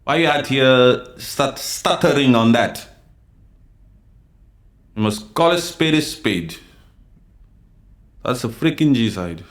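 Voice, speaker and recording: A man from the DR Congo hosts a livestream with heated commentary. His talk is forceful and full of repetition, and he speaks straight to the people in his chat. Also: medium pitch, expressive, slow, pauses often. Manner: forceful, repetitive, addresses chat viewers directly. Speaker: livestream host.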